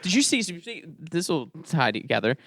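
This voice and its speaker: A man's voice: fairly high pitch, sing-song, brisk, fairly bright tone, dry recording. A man guesting on a comedy podcast, chatting with enthusiasm and telling stories. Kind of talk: casual comedy podcast chat.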